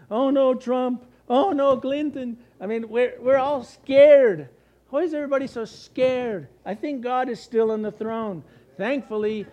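High-voiced, animated American pastor preaching. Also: male voice. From United States. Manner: animated, asks and answers his own questions, acts out worried voices. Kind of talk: sermon.

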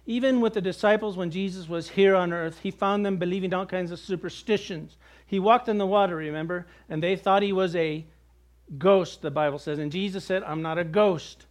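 A man's voice: sits high, brisk. A man preaching a sermon in a conversational way, with jokes and acted-out quotes. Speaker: pastor.

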